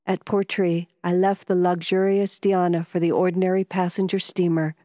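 A woman narrating a novel in a measured, reflective storytelling manner. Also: on the low side, flat delivery, dark tone, no echo, studio quality. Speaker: audiobook narrator. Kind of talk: scripted narration.

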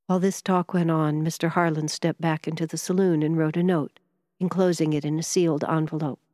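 Woman reading a ghost story, low voice, dry close mic. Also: dry recording. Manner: measured, expressive reading. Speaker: narrator. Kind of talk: storybook narration.

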